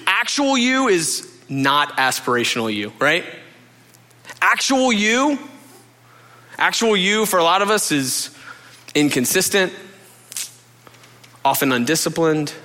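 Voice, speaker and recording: A man's voice: sits high, sing-song, slow pace, long pauses, sharp tone. A man preaching a conversational sermon as a pastor, earnest and confessional, speaking straight to his listeners.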